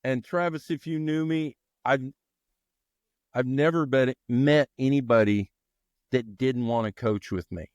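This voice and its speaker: A man's voice: mid-range voice, unhurried, no room sound, muffled recording. Middle-aged coach guy, fired up storyteller, dry close sound. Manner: animated, energetic storyteller. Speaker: baseball coach and teacher, podcast guest. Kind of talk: storytelling in a podcast interview.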